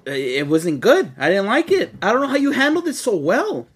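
A young man hosts a casual podcast, talking loosely and animatedly, swearing freely and calling his co-host dude and bro. His voice is high-pitched, a little fast, and breathy, with wildly swooping pitch, recorded on a podcast studio mic.

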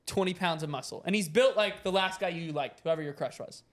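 A woman's voice: on the low side, fairly quick. A young woman in casual group chat, laughing and rambling through a would-you-rather question.

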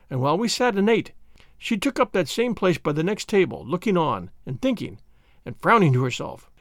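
Expressive male storyteller reading a classic. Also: high-pitched, no room sound, studio quality. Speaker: narrator. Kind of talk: audiobook reading of a classic novel.

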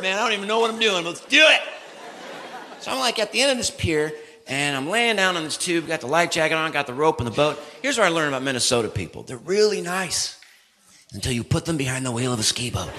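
A man performing stand-up comedy, telling a story in an animated, exaggerated and self-mocking way. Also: on the high side. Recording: live venue with laughing audience and noise.

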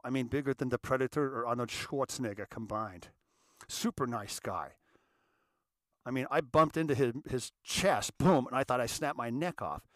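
A man's voice: medium pitch, no echo, clean studio sound. A middle-aged man, host of his own show, telling a reflective personal story in a conversational way and acting out the quotes. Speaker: podcast host.

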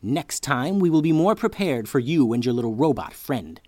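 A man's voice: medium pitch, very animated, normal speed, warm tone, dry recording. A boastful storybook wizard thief who makes threats and taunts the heroes, as a man puts him on. He speaks with a raised, pushed voice. The read is dry and close to the mic. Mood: menacing. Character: angry male wizard thief, a boastful villain.

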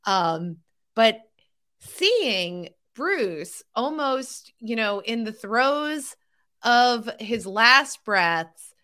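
A woman co-hosting a podcast, recapping a sitcom in casual chat, laughing often and filling pauses with "um" and "like". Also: medium pitch, bright, forceful tone. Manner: chatty, laughs often, many fillers. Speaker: podcast co-host.

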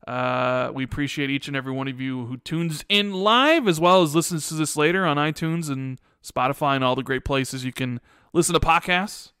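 A man's voice: on the high side, normal speed, few pauses, pushed and bright, smooth, no room sound, clean studio sound. A man hosting a podcast, chatty and upbeat, often repeating himself. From Chicago area, USA. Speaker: podcast host. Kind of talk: casual chat.

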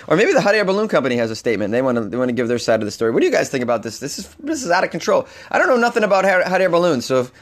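A man hosting a comedic podcast, slightly hoarse, rambling and animated with frequent restarts. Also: on the high side, very fast. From Boston, Massachusetts. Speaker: podcast host. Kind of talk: casual comedic podcast monologue.

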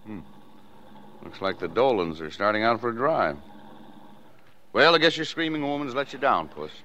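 A man's voice: medium pitch, big pitch swings, moderate pace, bright, forceful tone, slight background noise. An actor playing an easygoing small-town father who soothes and humors his daughter in 1940s radio acting. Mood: humoring. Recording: dull old radio broadcast.

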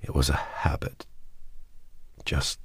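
A man reading the part of a wounded dying man who speaks in faltering, breathy half-whispers. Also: slow pace, close to an everyday voice. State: in pain, out of breath.

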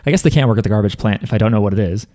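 A man's voice: fairly low pitch, dark tone. A man co-hosting a casual podcast, reading a listener email aloud with wry, joking asides. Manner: wry, joking asides, drops into quick mutters. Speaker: podcast co-host.

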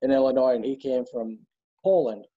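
A man who is a guest on a knife podcast, chatting in an easygoing way with an unhurried pace to his stories. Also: mid-range voice, dry recording, phone-quality sound. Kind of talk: casual podcast chat.

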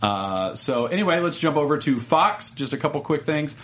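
A man hosting a casual pop-culture talk, chatty with many halting restarts. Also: fairly high pitch, big pitch swings, a bit bright. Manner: chatty, halting, reads aloud in a mock trailer voice. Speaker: podcast host. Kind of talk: casual chat.

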